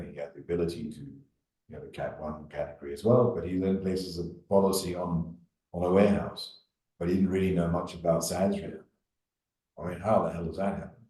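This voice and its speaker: A deep-voiced man answers as a webinar panelist, blunt and plain-spoken. He sits back from the mic, so his low, mellow voice sounds distant and roomy. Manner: blunt, informal, with fillers. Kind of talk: online panel discussion.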